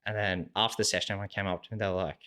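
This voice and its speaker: A man's voice: sits low, very fast, clear, resonant tone. A young Australian man, a podcast guest, casually telling stories and acting out what people said, with "like" in nearly every sentence. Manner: relaxed, animated storyteller acting out quoted dialogue, heavy use of "like". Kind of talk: casual storytelling chat.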